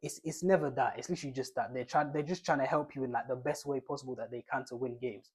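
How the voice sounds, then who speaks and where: A man's voice: medium pitch, fast, slightly rough. A young man giving casual football advice, rambling in slang and restarting his phrases often.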